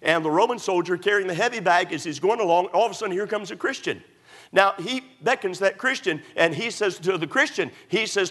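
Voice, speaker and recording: A man's voice: high-pitched, expressive, normal speed, fairly bright tone. A middle-aged man, a pastor, preaching a sermon emphatically, repeating points and using many fillers.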